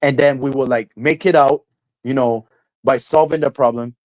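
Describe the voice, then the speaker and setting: A man's voice: fairly even intonation, moderate pace, dry recording, low-quality recording. Ranting man streamer, dry close voice. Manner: ranting, profane, mocking, falsetto mimicry of quotes. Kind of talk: casual live-stream rant.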